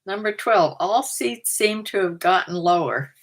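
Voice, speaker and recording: A woman's voice: medium pitch, animated, unhurried. An older woman vlogging at home, chatting through a numbered list about herself and often laughing at her own remarks. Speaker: vlogger and part-time reseller. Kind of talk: casual chat to camera, going through a numbered list.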